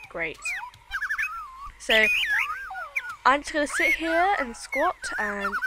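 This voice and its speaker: Excitable high-voiced woman gaming. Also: very noisy. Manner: excitable, squealing and chattering at the game. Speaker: gaming channel host. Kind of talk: let's play commentary. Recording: loud game music underneath. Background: loud game music.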